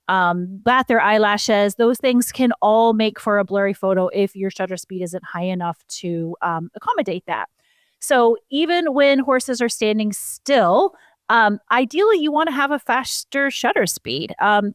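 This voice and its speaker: A woman co-host talks through her own photography habits in a relaxed, explanatory way. Her voice is smooth and clear, recorded close on a dry mic. She often pokes fun at herself as she goes. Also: medium pitch, no room sound. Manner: chatty, explanatory, self-deprecating. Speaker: podcast co-host, horse photographer. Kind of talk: casual podcast chat.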